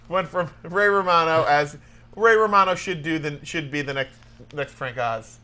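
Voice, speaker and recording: A man's voice: a little high, unhurried, bright, forceful tone. A young man co-hosting a casual comedy chat, laughing easily and teasing his co-host.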